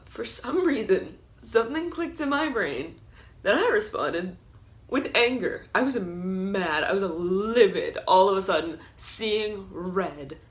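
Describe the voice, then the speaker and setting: A woman's voice: mid-range voice, animated, slow pace. A young adult woman telling stories in a casual vlog, chatty and full of "like", often breaking into laughter. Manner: chatty, filler-heavy with frequent "like". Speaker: vlogger. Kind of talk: storytime vlog, casual storytelling.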